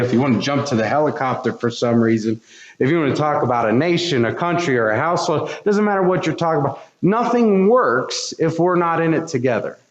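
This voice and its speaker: A man preaching a sermon in a church, earnest and repeating his words as he builds intensity. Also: medium pitch. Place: church sanctuary. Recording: echoey, dull church recording.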